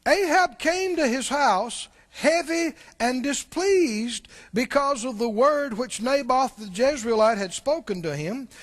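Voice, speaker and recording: A man's voice: very high voice, animated, takes it slowly, hardly any pauses. A male pastor giving a sermon in a conversational way, often asking the congregation questions and repeating words as he restarts.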